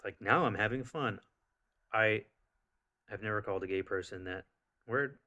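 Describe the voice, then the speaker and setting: A man with a somewhat low voice tells a personal story straight to camera. He rambles and restarts, packs his talk with fillers, and turns animated as he goes. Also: moderate pace, lo-fi sound. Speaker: vlogger.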